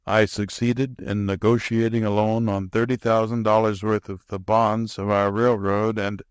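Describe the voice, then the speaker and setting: Guy reading a stuffy old-fashioned railroad major, rambling and formal, low voice. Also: level tone, moderate pace, clean tone, no echo, lightly acted. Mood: explaining. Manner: formal, long-winded, apologetic. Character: pompous, flustered small-town railroad president.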